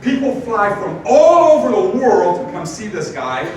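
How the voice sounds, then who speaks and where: A man telling a story to an audience, animated, acting out the people in it with laughs. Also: sits high, a little slow. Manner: animated, acts out quoted voices with laughs. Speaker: speaker telling a business lesson story. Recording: distant mic in a very echoey room with noise.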